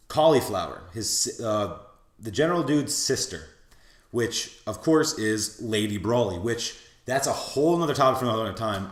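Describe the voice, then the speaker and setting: A man's voice: medium pitch, roomy sound. A man casually recapping an anime episode, rambling with many restarts and acting out character lines in funny voices. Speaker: anime reviewer.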